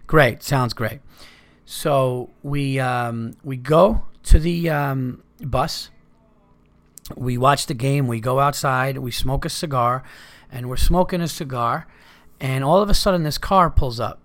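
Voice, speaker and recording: A man swaps road stories in a loose, rambling way and drops profanity as he goes. His voice sits in an ordinary middle pitch, and he talks it through the way you'd tell a buddy what happened last night. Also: slow. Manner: rambling, profane, laid-back anecdotes. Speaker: podcast host. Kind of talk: casual storytelling.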